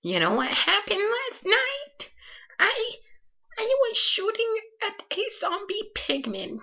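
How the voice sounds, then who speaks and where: Brief: woman playing a tearful, giggly ghast, slow and raspy-creaky, comic game skit. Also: very high-pitched, huge pitch swings, sharp tone, heavily acted. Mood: weepy. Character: weepy female ghast, whiny, shoots fireballs. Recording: lo-fi dull recording.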